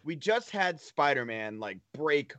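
A man's voice: a little high, very animated, measured pace, a bit bright, dry recording, highs cut off. Young man chatting, dry close sound. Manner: swears often, laughs a lot. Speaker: podcast co-host. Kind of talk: casual chat.

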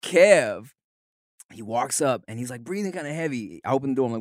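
Recorded with clean studio sound and no room echo, this Southern California podcast co-host, a young man, speaks briskly in a very animated, mid-range voice. He spins casual stories in a chatty way, laughing and swearing as he goes.

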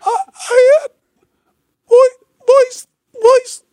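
A man doing a squeaky, strangled high voice of a man whose voice box was just injected, thin and whimpering, in a dry room. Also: little pitch movement, very slow, dark tone, dry recording, full character voice. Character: man with a needle-damaged voice box, squeaky and strained.

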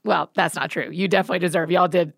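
A woman hosting a podcast interview, chatty, bubbly and self-teasing, by her own word loud. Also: on the low side, fairly even intonation, quick pace, vocal fry, dry recording, clean studio sound. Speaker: podcast host. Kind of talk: casual interview chat.

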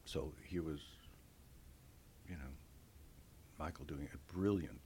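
A man with a very low voice that swings widely in pitch tells stories as a guest in an interview. He acts out quotes with lively voices and laughs often. A faint low rumble sits under his voice. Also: unhurried, long pauses. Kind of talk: conversational interview.

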